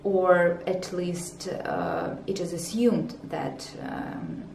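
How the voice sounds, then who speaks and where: A woman from Russia with a Russian accent hosting a casual vlog, explaining things in a deliberate, plain way. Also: on the low side. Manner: deliberate, plain-spoken teaching. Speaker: vlogger host. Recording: echoey room with faint noise.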